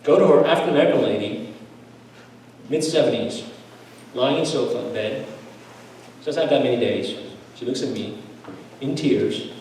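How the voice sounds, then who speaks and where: A man's voice: medium pitch, moderate pace, long pauses, a little mellow, slight background noise. A man, a pastor, giving a seminar talk told through stories, earnest and building to emphatic repeated lists. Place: church hall. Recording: echoey hall, voice from far off.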